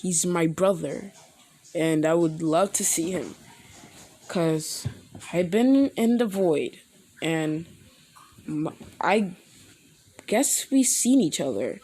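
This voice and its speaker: A woman voicing a young man back from the void, speaking with stiff politeness and a quiet, saddened manner. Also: fairly high pitch, lively intonation, takes it slowly, long pauses, slightly rough, full character voice. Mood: formal, polite.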